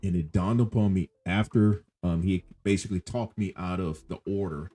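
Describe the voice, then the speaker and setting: A man hosting a casual podcast interview, talking in a relaxed way with drawn-out fillers. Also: low-pitched, soft background music. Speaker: podcast host.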